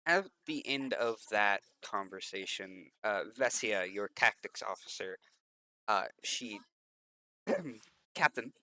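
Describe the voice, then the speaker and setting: Man, game master narrating, hesitant, bright and crisp. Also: lowish voice, a little slow. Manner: hesitant, many filler ums.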